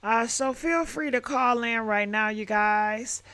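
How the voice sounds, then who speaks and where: A woman hosting a live stream, talking in a brisk, upbeat way. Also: fairly high pitch, a bit bright. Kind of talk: casual live show hosting.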